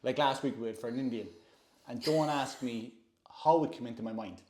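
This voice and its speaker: A Northern Irish man chats casually and rambles on. His voice sits in a middle pitch. It sounds roomy, as if in an echoey room. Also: brisk, noisy background. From Northern Ireland. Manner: chatty, rambling, laughs often. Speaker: host. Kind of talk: casual chat.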